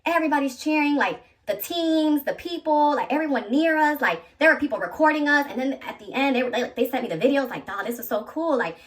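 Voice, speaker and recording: A woman in her thirties tells her viewers a personal story in an animated, chatty vlog style. Her voice sits a little high. She is heard slightly distant from the microphone. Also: fairly quick, few pauses. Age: 30s. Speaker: vlogger.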